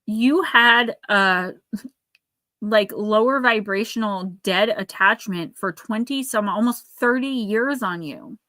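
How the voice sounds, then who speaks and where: A woman's voice: medium pitch, slow, sharp tone, dry recording. A woman giving an oracle card reading on a live stream, speaking earnestly and caringly to her viewers by name.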